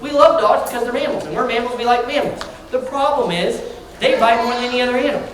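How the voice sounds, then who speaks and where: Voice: mid-range voice, quick pace. An animal trainer presenting energetically to a library audience, calling out to the crowd and asking questions. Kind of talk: lively live presentation to children. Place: large indoor hall with an audience. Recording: echoey hall, distant mic, noisy crowd.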